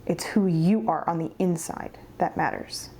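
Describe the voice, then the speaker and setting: Mellow-voiced woman giving a tarot reading. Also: fairly low pitch, measured pace, vocal fry, a little hiss or hum. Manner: earnest and encouraging, speaks straight to the viewer. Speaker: tarot reader. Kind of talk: pick-a-card tarot reading.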